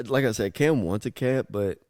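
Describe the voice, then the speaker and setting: A man's voice: medium pitch, normal speed, a little mellow, dry recording, studio quality. A young man co-hosting a podcast, speaking casually and hesitantly, often laughing along. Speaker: podcast co-host. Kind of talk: casual chat.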